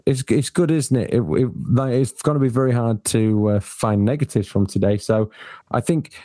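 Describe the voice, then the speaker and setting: A man's voice: medium pitch, normal speed, mellow, no room sound. A man hosting a casual football podcast, chatty, often restarting his sentences and firing off questions. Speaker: podcast host.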